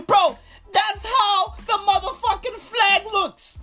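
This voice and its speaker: A woman ranting comedically in an animated, profane way. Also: very high-pitched, measured pace, soft background music. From South Africa. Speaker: comedic vlogger. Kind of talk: comedic rant.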